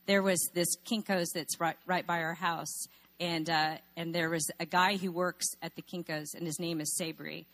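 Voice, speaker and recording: A woman's voice: on the low side, level tone, normal speed, fairly bright tone. A woman speaking in a sermon, telling a personal story and asking rhetorical questions.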